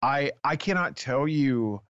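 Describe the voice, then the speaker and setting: A man, a guest author telling a lively personal testimony and acting out the dialogue. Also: mid-range voice, slow, clean tone, dry recording, muffled recording. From Texas. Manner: excitable storyteller, acts out dialogue.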